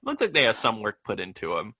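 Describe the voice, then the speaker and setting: A male podcast co-host with a strikingly bright, forward voice that swoops up and down as he talks. He chats loosely about a movie, laughing often and leaning on filler words. The sound is close and dry, with no room around it. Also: lowish voice, huge pitch swings, quick pace, slightly rough, no room sound. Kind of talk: casual movie review chat.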